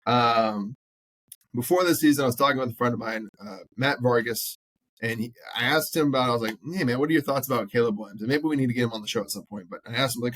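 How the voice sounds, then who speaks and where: Man, podcast co-host, casual sports chat, blunt, profane, animated, dry close mic. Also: medium pitch, quick pace, no echo. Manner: blunt, animated, swears freely, acts out quotes.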